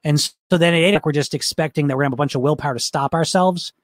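Man, slightly high voice, upbeat rambling coach, reading chat comments, dry close mic. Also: rapid-fire, no echo. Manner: upbeat, rambling, frequent restarts and laughs. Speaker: weight-loss coach.

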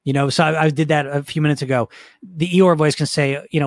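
A man's voice: a little high, steady tone, fast talker. A man with a slightly raised voice delivers a casual coaching talk. He speaks conversationally, often checks in with his listener and restarts his sentences along the way. The sound is dry and close, with no room echo. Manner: frequent restarts and fillers.

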